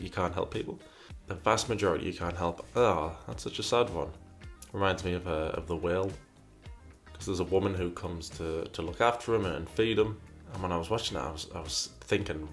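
Lowish-voiced man musing over viewer questions. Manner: reads questions aloud, muses, repeats himself. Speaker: host answering viewer questions. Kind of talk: casual chat.

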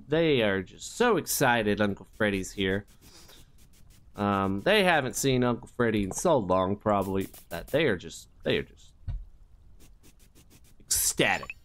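A man's voice: medium pitch, fairly bright tone. A man giving jokey, rambling commentary while playing a horror game, with mock-innocent asides. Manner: jokey, rambling, sing-song sound effects. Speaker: gaming youtuber. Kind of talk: comedic let's play commentary.

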